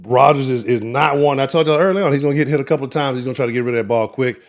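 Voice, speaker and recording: A man hosting a live sports talk show, giving profane, animated, trash-talking commentary. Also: medium pitch, rapid-fire. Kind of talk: casual livestream sports commentary.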